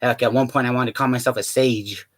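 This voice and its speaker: A man's voice: medium pitch, fairly even intonation, fast, no echo. A young man vlogging in a rambling, profane, joking monologue, laughing often and full of fillers. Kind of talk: rambling casual monologue to camera.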